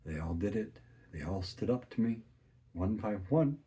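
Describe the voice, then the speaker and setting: A man in his thirties sharing a personal faith testimony in an earnest, searching way, often soft and hushed. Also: sits low, normal speed. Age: 30s.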